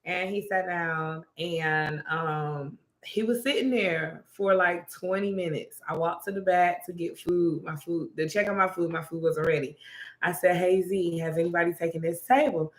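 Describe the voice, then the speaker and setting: A young woman, a restaurant manager, telling a story in casual chat and acting out the quotes in an animated way. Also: on the low side, moderate pace. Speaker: restaurant manager and podcast co-host. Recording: echoey room.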